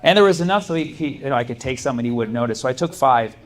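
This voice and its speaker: A man performs stand-up in front of a live crowd, talking in a relaxed, rambling way with plenty of fillers and laughs. His voice sits in an ordinary middle pitch. The live club recording carries clear room noise behind him. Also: racing. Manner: laid-back and chatty, with many likes and you-knows and bursts of laughter. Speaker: stand-up comedian. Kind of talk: stand-up set with crowd work. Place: comedy club stage with an audience.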